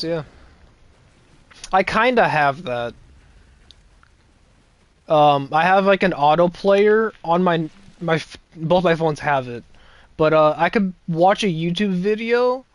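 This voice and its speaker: A young man giving casual, rambling gameplay commentary with sarcastic asides and chuckles. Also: fairly high pitch. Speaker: gameplay streamer.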